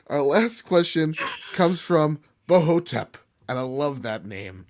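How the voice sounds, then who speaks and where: A man's voice: on the high side, animated, a little slow, darkish tone. Joking man, casual podcast host. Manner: joking, rambling, lots of fillers. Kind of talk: casual chat.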